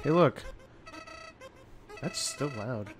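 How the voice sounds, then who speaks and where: A man's voice: medium pitch, wildly swooping pitch, drawn-out words, breathy edge. A man co-hosting a casual gaming stream, giggly and playful. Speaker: streamer, co-host.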